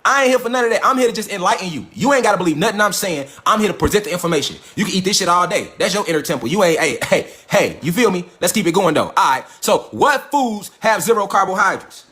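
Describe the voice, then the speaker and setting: A man hosting a livestream, preaching in a profane, fast, mocking rant. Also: high voice, expressive, a bit bright, reverberant. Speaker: livestream host.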